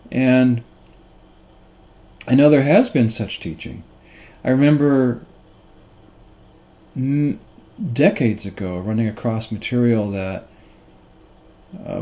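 Slow, gravelly male Bible teacher. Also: medium pitch, warm tone. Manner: halting, repeats words and restarts; emphatic rhetorical questions.

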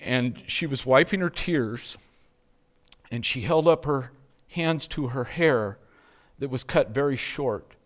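A man preaching a sermon in a slow, measured way, letting phrases drop to a hush at their ends. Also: mid-range voice. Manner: slow, measured preaching, softening to hushed endings. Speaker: pastor.

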